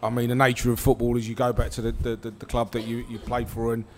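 A man's voice: mid-range voice, completely flat delivery, quick pace, slight background noise. A man, a former footballer telling a story on stage with many restarts and easy laughter. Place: live event with an audience.

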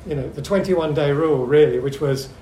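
A middle-aged man speaking at a seminar, telling anecdotes in a lively but hesitant way, full of ums and restarts. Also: on the high side, fairly quick. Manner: lively storyteller. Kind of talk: anecdotal talk to a seminar audience. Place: echoey meeting room. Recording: echoey room with faint hum.

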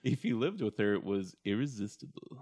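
A man's voice: fairly low pitch, animated, a little fast, a little mellow, husky, dry recording, clean studio sound. A man hosting a podcast from home, chatting casually with lots of laughter and self-mocking rambles. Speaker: podcast host. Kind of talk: casual chat.

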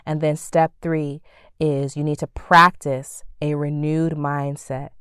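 A low-pitched woman hosts a faith-centered motivational podcast, speaking in a lively, preacherly way and slipping into playful, sassy asides. Her voice is recorded close and dry, with no room sound. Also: slow, smooth, no room sound. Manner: animated, preacherly, acts out quoted thoughts with playful sass. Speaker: podcast host. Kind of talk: faith-based motivational talk.

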